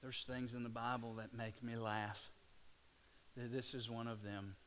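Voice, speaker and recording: A middle-aged man preaching a sermon, telling scripture stories with lively restarts and stammers. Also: mid-range voice, unhurried, a little hiss or hum. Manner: animated storytelling, stammering restarts.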